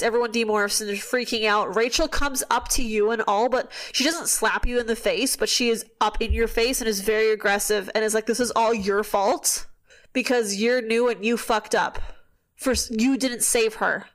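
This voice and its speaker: A woman with a slightly high voice hosts a casual podcast. She retells a story animatedly, tossing in quick asides and the occasional swear. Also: fairly bright tone. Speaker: podcast host. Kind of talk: casual chat recapping a book.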